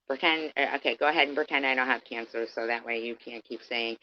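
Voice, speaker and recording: A woman's voice: a bass voice, steady tone, fast talker, a little hiss or hum. A woman livestreaming an angry, profane rant, confronting her critics head-on. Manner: heated, profane, confrontational, addresses critics directly. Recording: dull lo-fi stream audio.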